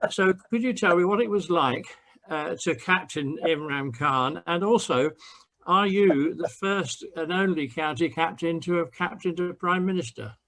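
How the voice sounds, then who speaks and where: A courteous man with a slightly high voice asks a guest a question in an online session. He opens with compliments, warm in his words and measured in delivery, heard as on a video call. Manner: courteous, flattering. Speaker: member asking a question. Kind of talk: audience question.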